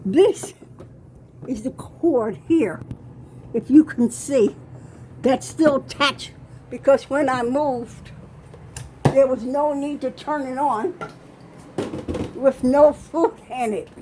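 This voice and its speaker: Filming her indoor kitchen on her phone, an older woman speaks in a high voice, slowly and with long pauses, over a noisy background. She sounds winded and insistent, often asking "okay?" as she vlogs the walkthrough.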